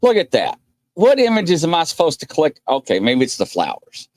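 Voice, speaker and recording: Male live-stream host, rambling casual chat, animated delivery, dry recording. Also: a little high, moderate pace, dry recording. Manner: rambling, laughs often, reads out viewer names.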